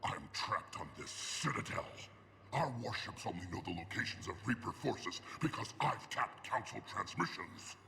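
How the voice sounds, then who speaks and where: An actor playing a bitter alien terrorist commander with a menacing, hissing delivery. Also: male voice, lowish voice, animated, normal speed, creaky, sharp tone, full character voice.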